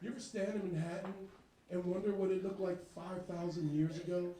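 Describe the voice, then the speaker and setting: A man's voice: high voice, little pitch movement, brisk, mellow, echoey room, a little hiss or hum, voice pushed down, close to an everyday voice. A man doing his prim nerdy son. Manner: stiff, precise, unbothered delivery. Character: nerdy, overly formal young adult son, calm and smug.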